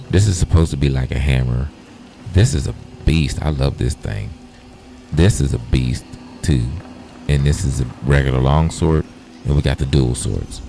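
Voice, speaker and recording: Very deep gravelly man, profane and playful. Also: darkish tone. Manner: profane, playful, chats to viewers. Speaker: gaming streamer. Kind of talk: casual livestream gameplay chat.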